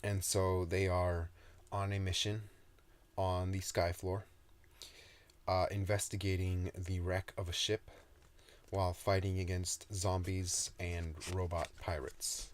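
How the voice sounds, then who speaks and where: A man's voice: deep voice, level tone, takes it slowly, slight background noise. A man reading his own story aloud in a soothing style, with casual, joking asides.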